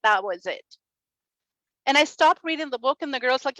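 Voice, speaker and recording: A woman in her forties speaks on stage, telling a personal story with earnest energy and a fairly high voice. The sound is dry and close, with no room echo. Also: normal speed. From Chile. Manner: earnest, animated storytelling with laughs and acted quotes. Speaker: speaker at a summit, radio and podcast host. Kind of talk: motivational personal talk. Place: stage at a summit.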